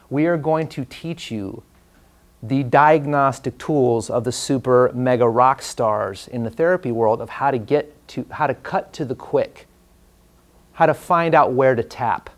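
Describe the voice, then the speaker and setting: A man, teaching a live class and telling a story in a relaxed, conversational way with fillers. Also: a little high, normal speed. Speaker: trainer. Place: training room before a class.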